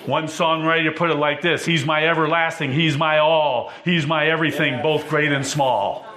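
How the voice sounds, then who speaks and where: A man preaching a sermon in a church, listing names in a steady rhythm and rising to fervent exclamations. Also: fairly high pitch, moderate pace.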